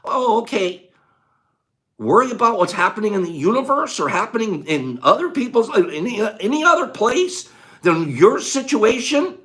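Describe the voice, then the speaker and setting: Older male host, casual and folksy, very animated intonation, flips from hushed to booming. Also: moderate pace. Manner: swings between quiet musing and loud rhetorical outbursts; folksy, says gosh darn and dude. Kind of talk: casual talk on a quote.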